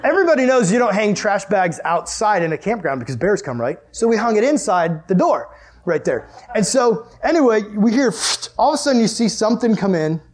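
High-voiced, animated young man. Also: brisk. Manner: animated, chatty, laughs often, full of "like". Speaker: youth group leader. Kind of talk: storytelling to a youth group, then Bible study.

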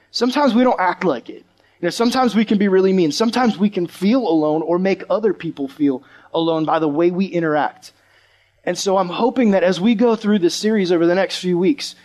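A man preaching to a live audience, telling a story in a lively way and acting out the voices of the people in it. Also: high-pitched. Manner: animated, acts out the voices of the people in his stories.

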